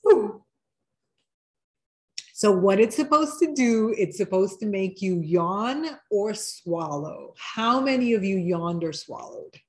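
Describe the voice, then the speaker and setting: Animated and mid-range, this woman's voice carries a live online wellness session where she coaches viewers through simple relaxation exercises. Her style is chatty and encouraging, and she slows down for the guided steps.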